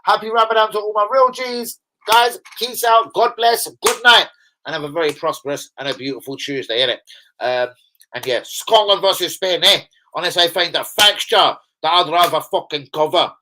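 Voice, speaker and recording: A man's voice: high-pitched, normal speed, bright, forceful tone, slight background noise, rough recording. A young adult man hosting a football fan livestream, chatting casually with heavy swearing and rambling banter. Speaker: football fan channel host.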